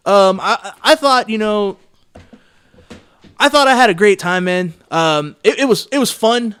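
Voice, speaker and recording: A man's voice: high voice, expressive, measured pace, fairly bright tone, clean tone. A man from San Antonio, Texas, a pro wrestler guest on a podcast, telling a rambling, profane travel story and saying "man" a lot. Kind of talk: casual storytelling chat.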